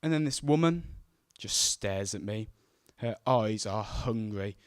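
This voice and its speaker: Male storyteller, live stage, dry close sound, animated quoting. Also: lowish voice, measured pace, no echo. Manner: acts out quoted voices, shouting and mimicking.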